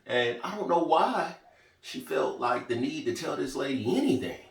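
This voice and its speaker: A man giving a casual, chatty spoken review of a TV show, talking in a lively, conversational way. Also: a little high, moderate pace, vocal fry, recorded from a distance. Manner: chatty, lively, quotes characters in small voices. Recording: roomy echo, from off mic.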